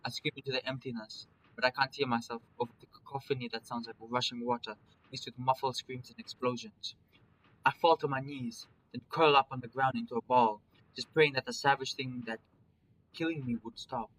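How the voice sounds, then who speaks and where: A man's voice: mid-range voice, steady tone, a little fast, a bit bright, a little hiss or hum, low-quality recording. A man reading a visual novel aloud in a dramatic first-person storytelling manner. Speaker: narrator.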